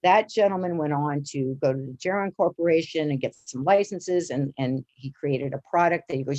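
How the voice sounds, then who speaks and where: A woman with a lowish voice tells her story with lots of energy. She acts out each quote, and her pitch leaps up as she does. It sounds like an interview guest on a roll. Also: normal speed, hardly any pauses, lo-fi sound. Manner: lively, acts out quotes with big pitch jumps. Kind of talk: animated storytelling.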